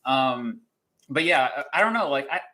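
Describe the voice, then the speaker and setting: A man's voice: medium pitch, animated, moderate pace, pushed and bright, low-quality recording. Host, man, casual chat, rambling delivery with chuckles and fillers. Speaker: podcast host running a quiz.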